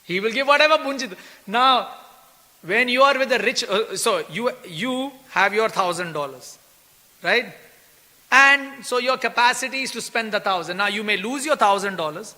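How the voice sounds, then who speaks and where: A man giving a scripture class in an animated way, laughing and acting out quoted pleas. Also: high-pitched, moderate pace. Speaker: temple speaker. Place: temple hall. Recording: long hall reverb.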